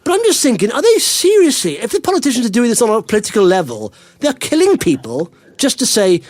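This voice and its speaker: Excitable high-pitched male host. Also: quick pace, few pauses, no echo. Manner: excitable, animated, repeats words. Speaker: podcast host. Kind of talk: casual podcast chat.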